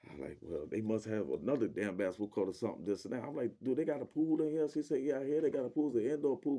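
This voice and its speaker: A man's voice: medium pitch, warm tone. A young man telling a story in a casual, rambling way, full of slang and fillers, quoting people as he goes.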